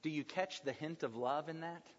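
A man preaching a sermon to a congregation. He is emphatic, building to loud passionate peaks and then dropping to hushed tones. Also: fairly high pitch, normal speed. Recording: dull lo-fi sound with long hall reverb.

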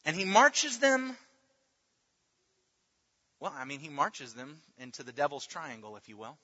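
A man's voice: on the high side, wildly swooping pitch, measured pace, sharp tone, breathy edge. A man preaching a sermon in an earnest way, often restarting words and at times dropping almost to a murmur. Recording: dull lo-fi audio with long reverb.

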